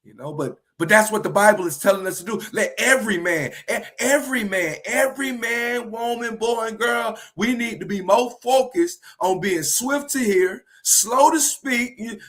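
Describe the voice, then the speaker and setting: A man teaching from the Bible in a livestream, earnest and repeating key phrases slowly for emphasis. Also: high voice, fairly bright tone.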